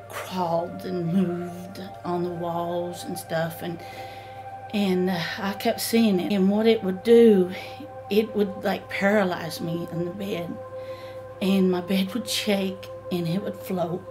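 Middle-aged woman, halting, lots of uh and um, telling her own story, some music under it. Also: on the low side. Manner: halting, with many fillers and restarts. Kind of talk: emotional personal account.

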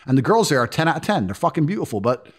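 A brash man telling a story in conversation, blunt and profane with a boastful edge. He talks quickly in a fairly high voice. His pitch swings widely as he drives through the tale. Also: sing-song, slightly rough.

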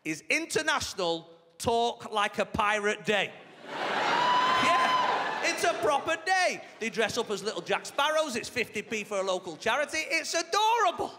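Lively high-voiced stand-up comic man. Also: slight background noise. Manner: animated, chatty, mock-outraged asides. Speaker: stand-up comedian. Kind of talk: live stand-up routine. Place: theatre stage before a live audience. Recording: reverberant theatre with crowd laughter. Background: audience laughter.

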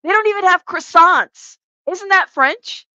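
A woman's voice: very high-pitched, unhurried, bright, forceful tone, no room sound. A woman hosting a live commentary stream, reading the chat aloud and joking. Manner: chatty, joking asides, laughs often. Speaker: commentary channel host. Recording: dull lo-fi sound.

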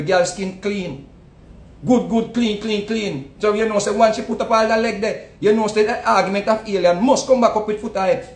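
A man with a Jamaican accent giving a casual, animated commentary, often repeating words and swinging between loud outbursts and low asides. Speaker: online commentator. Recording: echoey room with faint rumble.

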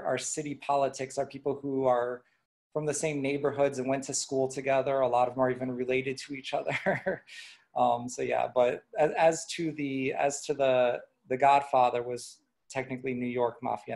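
A man from Chicago with a Chicago accent, answering questions in a relaxed, rambling way on an online video call. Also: medium pitch, moderate pace, creaky. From Chicago, USA. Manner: relaxed, rambling, with fillers and restarts. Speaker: guest presenter. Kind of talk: casual online Q&A.

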